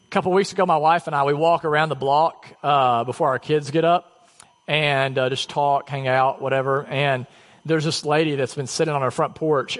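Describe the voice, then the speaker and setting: A man's voice: on the high side, in a large hall. A man preaching a sermon as pastor, telling personal stories in a casual, self-deprecating way. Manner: conversational, self-deprecating storytelling. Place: church sanctuary.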